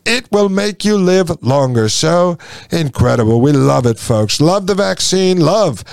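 A boastful older politician heaps superlative on superlative in a raised, gravelly voice, as a man puts him on. The delivery is dry and close, with no room sound. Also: a little high, animated, measured pace, a little mellow, no room sound. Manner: bragging, repetitive superlatives. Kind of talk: satirical impression.

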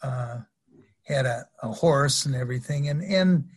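Older man, husky rambling storyteller. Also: medium pitch, measured pace. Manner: rambling anecdotes with repeated restarts and laughs. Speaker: guest, former pro wrestler. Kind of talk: storytelling interview.

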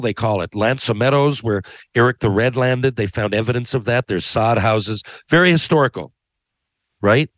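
A man's voice: lowish voice, dry recording. Rambling man, dry close sound. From Newfoundland, Canada. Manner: rambling, profane, tags lines with "right?". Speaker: podcast host. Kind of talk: casual monologue.

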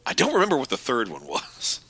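A male podcast co-host with a bright, forward tone, chatting in a wry, quick way. The sound is dry and close to the mic. He slips laughs in between his points. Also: medium pitch, huge pitch swings, breathy edge, no echo. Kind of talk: casual chat.

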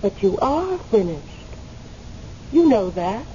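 An actress playing the spirit of a dead woman who waits in limbo, speaking in a gently teasing, unhurried way in a radio drama. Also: medium pitch, sing-song. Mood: calm, teasing. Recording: muffled radio recording, faint hiss.

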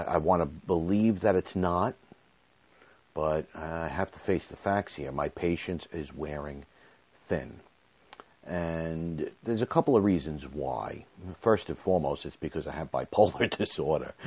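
A man with a deep, mellow voice hosts his own podcast in a personal monologue. He talks candidly and rambles, restarting sentences and sounding a little out of breath.

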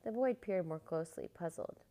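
Woman storyteller, low warm gravelly voice, storybook read-aloud. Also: moderate pace, rough recording. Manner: expressive, animated storytelling.

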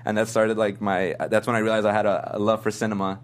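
A man's voice: fairly low pitch, flat delivery, quick pace. A young man telling a story in casual chat, rambling and earnest with lots of fillers.

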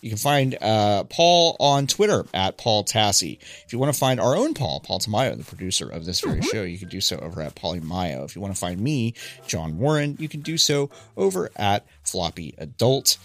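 A man's voice: lowish voice, moderate pace, few pauses, no room sound. A man hosting a casual podcast, chatting through news with lots of fillers and restarts. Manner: chatty, frequent filler words and restarts, lively emphasis. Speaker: podcast host.

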